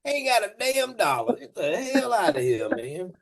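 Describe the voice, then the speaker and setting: A man who owns a moving company, telling stories on a casual podcast, animated and profane, laughing and restarting his sentences. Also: high voice, moderate pace, creaky, over a noisy crowd. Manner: many restarts and repeated words.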